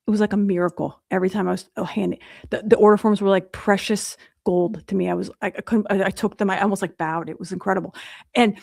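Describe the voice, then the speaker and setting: A woman motivational speaker giving a livestream talk, with a mid-range voice that is neither high nor low. She tells her story with energy and speaks straight to her viewers, often restarting her phrases. The sound is dry and close, with no room echo. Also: creaky, a little mellow.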